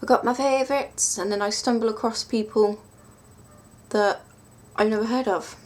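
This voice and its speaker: A woman's voice: on the high side, fairly even intonation, normal speed. A woman chatting casually through a tarot deck review, rambling and self-mocking with lots of ums.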